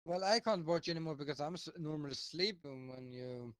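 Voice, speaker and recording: A man's voice: a little high, brisk, no room sound, clean studio sound. A man co-hosting a casual podcast, mostly chiming in with short agreements. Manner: brief agreeing interjections. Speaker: podcast co-host.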